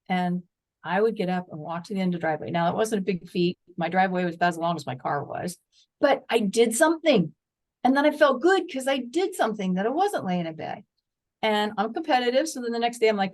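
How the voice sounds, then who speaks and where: A woman's voice: medium pitch, animated, a little fast. An older woman speaking as a guest in an interview, earnest and encouraging in a folksy way, sometimes acting out her own inner dialogue. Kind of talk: interview conversation.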